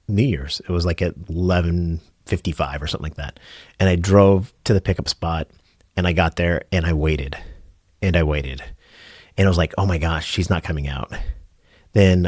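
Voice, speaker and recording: A man's voice: low voice, dry recording, studio quality. A middle-aged man, a rideshare driver and channel host, sharing lessons in an earnest, rambling way, with many fillers and restarts. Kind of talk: casual reflective talk to camera.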